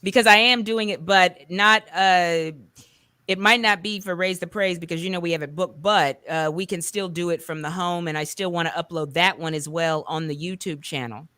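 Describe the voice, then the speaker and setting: Woman, talk show host, animated and rambling, low-pitched, sharp tone. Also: moderate pace, clean tone, no room sound, studio quality. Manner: animated, rambling with self-corrections, colloquial asides. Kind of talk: casual conversational interview.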